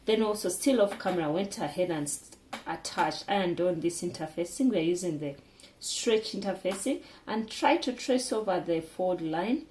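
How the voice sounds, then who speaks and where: A woman's voice: lowish voice, moderate pace, a little mellow. A woman teaching a sewing project step by step in a casual way, often restarting and correcting her words as she works. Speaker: sewing tutor.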